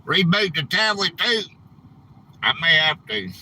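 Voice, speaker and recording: A man hosting a casual live stream, rambling and quick to get frustrated, saying "man" a lot. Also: high voice, vocal fry, bright, forceful tone, low-quality recording. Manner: rambling, easily frustrated, says "man" often.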